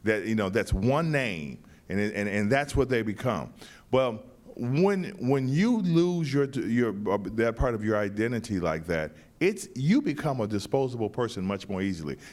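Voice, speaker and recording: A man who wrote and staged the play, answering interview questions in a thoughtful, halting way with many restarts. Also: on the low side, big pitch swings, a little mellow. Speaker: playwright and director.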